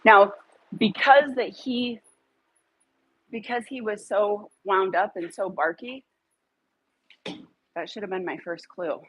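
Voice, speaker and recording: A woman who trains dogs, talking casually on a live stream from her home, rambling between points and calling her dogs in a high coaxing voice. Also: slow pace, pauses often, breathy edge, no echo, rough recording. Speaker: dog trainer. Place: home room with a computer.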